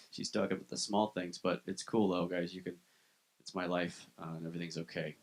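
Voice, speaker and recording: A man doing a live stand-up set in a comedy club, telling dark, self-deprecating jokes and talking with the crowd. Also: deep voice, steady tone, fairly quick, gravelly.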